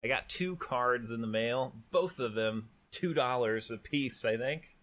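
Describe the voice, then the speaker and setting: A man co-hosting a casual hobby podcast, talking in a relaxed, self-deprecating and hesitant way. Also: medium pitch, measured pace. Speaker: podcast co-host.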